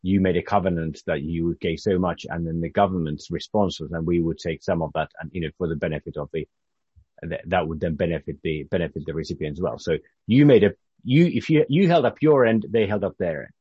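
A man's voice: low-pitched, mellow, breathy edge, no echo, muffled recording. A man from Britain leading an informal Bible study, talking conversationally with frequent halts and restarts. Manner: halting, restarts often, conversational.

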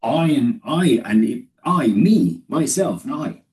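A man's voice: mid-range voice, lively intonation, takes it slowly, a little mellow. A man giving a discursive, explanatory Bible study lesson, with the voice recorded from a distance. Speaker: Bible teacher.

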